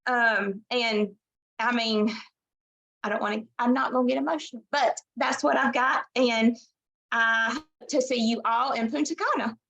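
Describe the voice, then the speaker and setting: A woman tells her team's success story on a video call. Her voice is bright and sits somewhat high, and her delivery is folksy and casual. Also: fairly even intonation, moderate pace, creaky, rough recording. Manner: folksy, says "y'all" often. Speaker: team leader sharing a success story.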